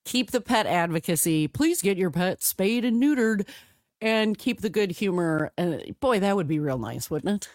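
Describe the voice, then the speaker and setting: A woman from the United States co-hosting a podcast in casual chat, animated and full of restarts. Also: mid-range voice, normal speed, dry recording, studio quality. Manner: chatty, animated, with restarts and laughs. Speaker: podcast co-host.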